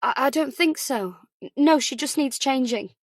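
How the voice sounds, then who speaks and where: A woman's voice: high voice, normal speed, no echo, clean studio sound, voice pushed up. A woman voicing a flustered, exhausted young mother in whispered role-play, defensive and stumbling over her words.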